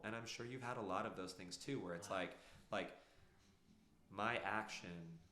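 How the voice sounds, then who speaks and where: Low-voiced man telling his story. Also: a bit bright, echoey room, a little hiss or hum. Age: 30s. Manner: earnest, rambling with many fillers. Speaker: podcast guest. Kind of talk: casual storytelling.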